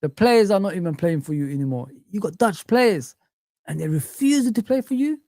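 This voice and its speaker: A man's voice: high-pitched, lively intonation, normal speed, warm tone, no room sound. Exasperated man ranting close to the mic. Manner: exasperated, repetitive, swearing. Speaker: fan channel livestream host. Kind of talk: casual livestream rant.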